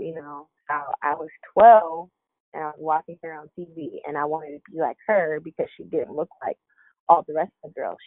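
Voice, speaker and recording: A young woman wrestler, a guest in a casual interview, telling lively stories, laughing and acting out what others said. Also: deep voice, no echo. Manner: animated, laughs often, acts out quotes. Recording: dry narrow phone-like line.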